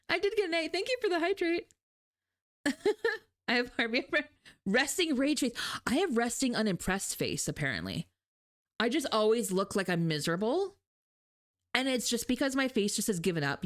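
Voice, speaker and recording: Lively young woman streamer. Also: a little high. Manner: animated storyteller, laughs often. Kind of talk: casual chat with live chat.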